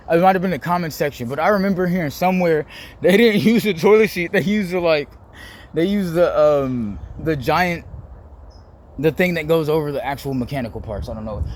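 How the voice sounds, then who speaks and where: A man's voice: fairly high pitch, a little hiss or hum. Rambling young man. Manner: rambling, heavy use of "like", laughs easily. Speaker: vlogger. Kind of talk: casual rambling monologue.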